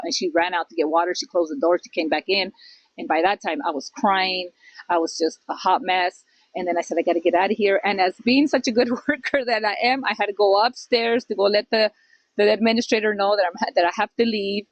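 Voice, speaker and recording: Middle-aged woman host, lively storyteller, plays out the voices in her story, dry close sound. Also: medium pitch, a little fast, no room sound, rough recording. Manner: animated storyteller, acts out quoted voices, mixes in Spanish phrases. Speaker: podcast co-host. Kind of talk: casual storytelling chat.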